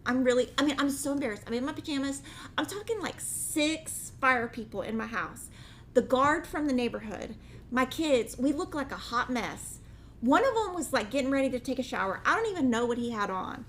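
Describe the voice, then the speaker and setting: A woman's voice: high-pitched, a little fast, a little hiss or hum. A middle-aged woman hosting a craft show, chatting casually to viewers and acting out the voices in her story with animation. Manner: animated, acts out her own and others' lines. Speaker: host of a cross-stitch show.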